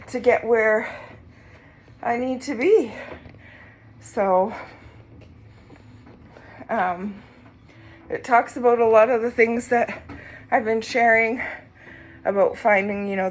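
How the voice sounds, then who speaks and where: Slow, breathless woman talking while exercising. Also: fairly high pitch, a little hiss or hum. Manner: slow, reflective, with pauses and soft laughs. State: short of breath. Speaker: vlogger sharing her recovery. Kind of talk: casual personal vlog.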